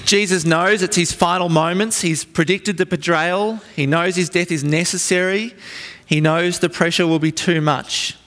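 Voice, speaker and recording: A man preaching a sermon in an earnest storytelling manner with dramatic pauses. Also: high-pitched, fairly even intonation, a bit bright. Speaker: pastor. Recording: long reverb from a large hall.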